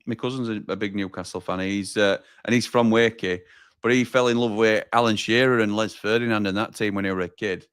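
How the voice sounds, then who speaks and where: Bloke hosting a football watchalong, low voice, dry close sound, chatty banter. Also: male voice, fairly even intonation, a little fast, a bit bright, clear, resonant tone, dry recording. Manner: reads out viewer comments, chatty banter. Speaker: watchalong host. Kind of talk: live football watchalong chat.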